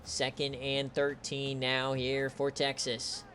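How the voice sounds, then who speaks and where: Man, play-by-play commentator, bright tense voice, strained from shouting, swears a lot, shouts big plays. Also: slow pace, soft background music. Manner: swings from shouted calls to low, relaxed chatter. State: straining voice, says he is losing it. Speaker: play-by-play commentator for a streamed online football league. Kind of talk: excitable, profane play-by-play commentary.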